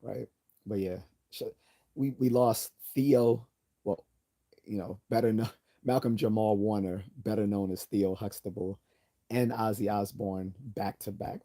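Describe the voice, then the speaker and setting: A man hosts a casual livestream in a low, mellow voice. He rambles, restarts his sentences and corrects himself as he goes. He reads out viewer comments and answers them. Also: steady tone, unhurried. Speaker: livestream host.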